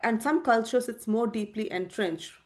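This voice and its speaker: A woman's voice: fairly high pitch, normal speed. A woman from India with an Indian accent, a tech leader speaking earnestly and animatedly as an interview guest. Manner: earnest and animated, with many restarts. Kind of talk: interview conversation.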